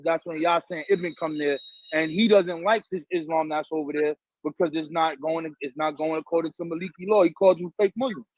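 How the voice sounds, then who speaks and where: High-voiced New York man, streetwise talk. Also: brisk, no echo. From New York, the Bronx. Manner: streetwise, profane, animated storytelling. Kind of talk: casual conversation. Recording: dull lo-fi audio, dry.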